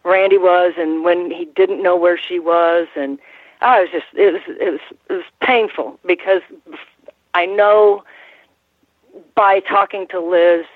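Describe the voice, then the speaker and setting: A woman's voice: on the low side, steady tone, dry recording. Older woman on a tinny phone line. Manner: halting, many restarts and fillers. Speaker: former ring announcer, guest. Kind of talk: casual interview storytelling.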